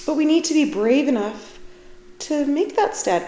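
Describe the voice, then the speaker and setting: With a high, mellow voice, animated and at a moderate pace, a middle-aged podcast host chats on her own show. She's casual, candid and self-deprecating, and her solo talk is recorded in an echoey room.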